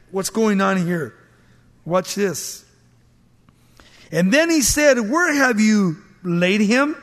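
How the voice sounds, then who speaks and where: A man delivers a sermon in a lively, high voice, acting out the people of a scripture story and laughing along the way. His voice rings with the long echo of a large hall. He swings between loud bursts and quiet asides. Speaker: preacher.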